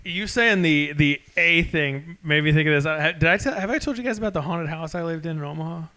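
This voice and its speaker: A man's voice: on the high side, fairly quick. A man in his thirties, co-hosting a podcast and telling crude stories with lots of laughter. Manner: animated storyteller, laughs often, crude. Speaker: podcast co-host. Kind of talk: casual podcast chat.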